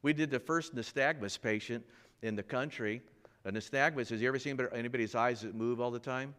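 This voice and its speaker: Speaking a little fast in a clean, mid-range voice, a man preaches in church as a pastor. He tells a personal story with animation, performing the quoted voices of its characters.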